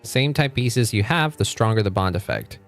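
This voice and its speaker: With faint music in the background, a young man chats casually through his home gaming livestream, cursing freely and laughing a lot. His voice sits fairly low and sounds a bit bright, moving at normal speed with plenty of expression.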